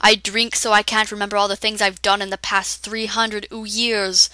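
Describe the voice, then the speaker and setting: A woman doing a brooding ashamed drunk guy, mournful, bright, dry. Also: medium pitch, flat delivery, moderate pace, clear, resonant tone, dry recording, close to an everyday voice. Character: brooding, hard-drinking young man, ashamed.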